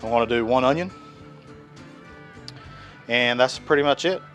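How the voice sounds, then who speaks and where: A man's voice: medium pitch, moderate pace, fairly bright tone, soft background music. A man, hosting a casual cooking demonstration in a folksy, chatty way. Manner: folksy, chatty, with many fillers. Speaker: cooking channel host. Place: outdoor griddle.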